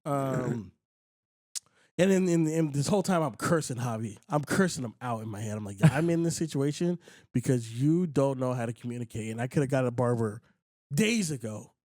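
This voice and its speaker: A man hosting a podcast, telling a story in casual chat, animated and acting out other people's lines, with frequent swearing. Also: medium pitch, normal speed, dry recording, clean studio sound. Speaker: podcast host.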